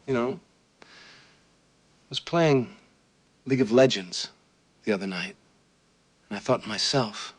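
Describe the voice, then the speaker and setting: A man voicing an awkward gamer who tells a deadpan story and reads pauses aloud. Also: medium pitch, slightly rough.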